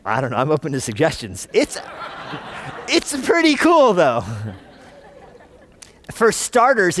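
Animated man preaching a sermon. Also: mid-range voice. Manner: animated, conversational preaching with rhetorical questions. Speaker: pastor. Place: church.

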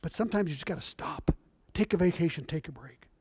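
High-voiced, lively male preacher. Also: fast, slightly rough, no room sound, clean studio sound. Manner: animated, conversational, storytelling. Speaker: visiting missionary preacher. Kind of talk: sermon. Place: church.

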